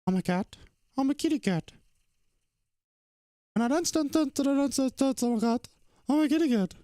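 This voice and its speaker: A man voicing a silly kitty cat that sings about dancing and meows in a high sing-song. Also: expressive, brisk, darkish tone, no room sound, clean studio sound. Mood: playful.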